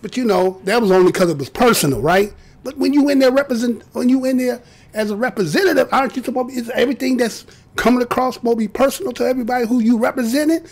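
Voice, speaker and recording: A man's voice: very high-pitched, creaky, a little mellow, slight background noise. A man giving loose, profane video commentary to his viewers, laughing as he talks. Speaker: vlogger. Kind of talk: casual commentary.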